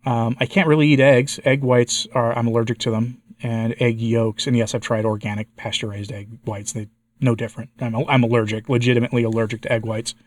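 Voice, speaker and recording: An American man with a congested and slightly hoarse voice, giving a candid personal update to his viewers and asking them for advice. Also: medium pitch, flat delivery, a little fast, no echo, clean studio sound. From United States. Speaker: vlogger, channel host.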